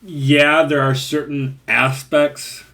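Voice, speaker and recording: A man's voice: on the high side, level tone, slow, sharp tone. A man giving a casual, rambling spoken movie review with a chatty, laughing manner. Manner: rambling, chatty, laughs at his own points.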